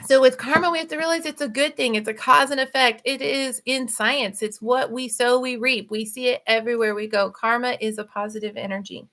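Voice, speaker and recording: A middle-aged woman, an author and podcast host, leads a casual spiritual talk with a high voice, speaking fast and animatedly and laughing often.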